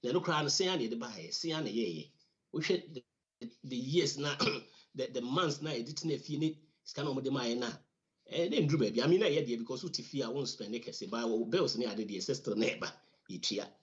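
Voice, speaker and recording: A man's voice: mid-range voice, animated, a little fast. A man with a Ghanaian accent giving a conversational finance lesson, repeating words for emphasis and using many fillers. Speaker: financial educator. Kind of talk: teaching talk on personal finance. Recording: slightly dull lo-fi recording.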